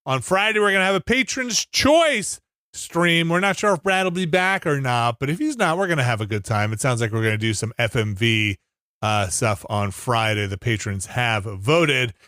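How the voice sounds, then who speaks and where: A man hosting a podcast in casual chat, telling stories with lively acted-out quotes. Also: mid-range voice, moderate pace, clear, resonant tone, no echo, clean studio sound. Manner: animated storyteller, acts out quoted lines. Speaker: podcast host.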